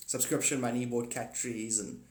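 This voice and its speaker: Guy on a phone livestream rambling about manifesting, echoey room, middle pitch. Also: normal speed. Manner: rambling, animated, spiritual talk. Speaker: livestream host. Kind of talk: casual livestream chat reading comments.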